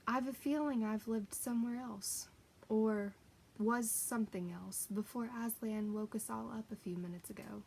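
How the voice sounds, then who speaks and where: A woman voicing a gentle old cab horse who speaks slowly and thoughtfully. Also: fairly high pitch, fairly even intonation, vocal fry, a little hiss or hum. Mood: musing. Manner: slow, musing.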